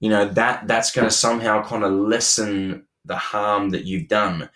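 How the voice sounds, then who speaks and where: Earnest young male co-host, slightly low voice, halting and repetitive delivery. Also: fairly even intonation, fairly bright tone. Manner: earnest, many restarts and repeated words. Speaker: podcast co-host. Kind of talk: relationship advice chat.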